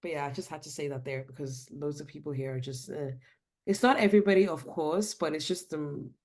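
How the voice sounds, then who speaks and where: A woman's voice: low voice, brisk. A woman from South Africa, a dance podcast guest, telling stories in casual chat and acting out quotes. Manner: animated storytelling with acted quotes.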